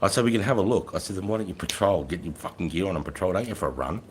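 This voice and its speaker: A man's voice: sits low, rapid-fire, slight background noise. A middle-aged man, a former army sergeant telling blunt, profane war stories on his own livestream. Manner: blunt and heavily profane, rising loud when quoting himself. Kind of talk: casual storytelling livestream.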